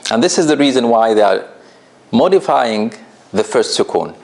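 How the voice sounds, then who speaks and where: A man's voice: medium pitch, lively intonation, moderate pace, darkish tone. A man teaching a tajweed class in an office, patient and laughing often as he asks the students questions. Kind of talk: classroom lesson.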